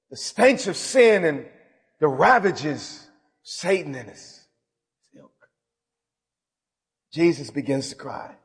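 A man preaching to a live room, dramatic in his swings from loud declarations to hushed asides. His voice sits a bit high. A long reverb from the hall trails each phrase. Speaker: bishop and preacher. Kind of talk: sermon. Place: large hall with audience.

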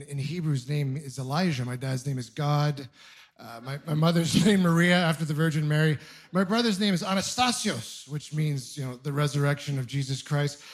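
A man in his thirties from Ontario doing a stand-up comedy set, telling stories with animated, acted-out voices. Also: a little high. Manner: animated storytelling, acting out voices. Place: comedy club stage with audience.

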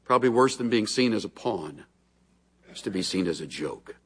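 Male pastor, sermon, lively swooping voice, folksy humorous storytelling, big church hall reverb. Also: fairly low pitch, normal speed, husky. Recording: long reverb of a large hall.

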